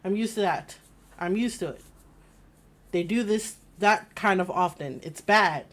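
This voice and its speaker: A woman's voice: mid-range voice, unhurried, a bit bright. A woman streaming a game, chatting casually, rambling through stories and laughing often.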